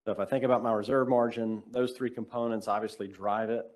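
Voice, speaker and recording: A man giving a measured, explanatory technical presentation on a video call, in casual phrasing. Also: lowish voice, steady tone, darkish tone. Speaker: workshop presenter.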